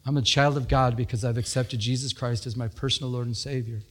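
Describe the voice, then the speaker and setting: A man's voice: steady tone, a little fast. A male pastor giving a sermon in a church, earnest, repeating himself and lifting his voice for emphasis. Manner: earnest preaching that rises in pitch for emphasis, with frequent repetitions.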